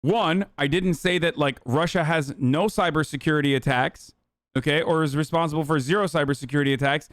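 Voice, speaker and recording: A man's voice: on the high side, brisk, fairly bright tone, dry recording, clean studio sound. A man hosting a livestream, giving blunt, profane, rambling political commentary full of fillers. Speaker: livestream host.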